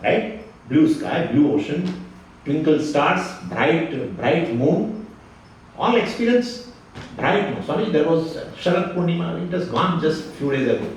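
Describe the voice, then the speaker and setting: A man teaches a spiritual lecture to a hall audience, asking questions and answering them himself. His fairly high voice swings up and down with lively energy. The recording is very echoey, he stands away from the mic, and a faint hiss sits underneath. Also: unhurried, far from the mic. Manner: animated, rhetorical questions, repeats phrases. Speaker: Vedanta teacher.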